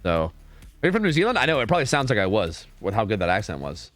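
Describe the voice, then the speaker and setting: Man, game stream commentary, casual chatter, repeats words, lively pitch, faint background music. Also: fast, dry recording. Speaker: streamer casting game scrims.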